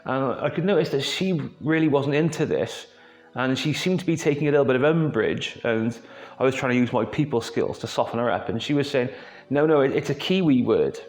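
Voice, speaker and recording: A man's voice: mid-range voice, fairly quick. Welsh man telling a chatty story in a roomy space. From Wales. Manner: chatty, rambling, with frequent asides and fillers. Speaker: host. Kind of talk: casual anecdotal storytelling. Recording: roomy echo with faint music.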